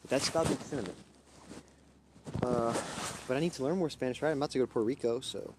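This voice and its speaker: A man's voice: mid-range voice, fast talker, a little mellow, a little hiss or hum. A young man from Louisiana hosting a livestream, talking in a rambling, profane, erratic way that jumps between topics. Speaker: livestream host. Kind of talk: rambling casual livestream chat.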